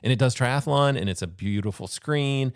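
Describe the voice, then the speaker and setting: A man's voice: mid-range voice, normal speed, smooth, dry recording, studio quality. A man co-hosting a podcast, chatting casually about gear with a rambling, self-correcting manner. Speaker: podcast co-host and watch reviewer. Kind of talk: casual chat.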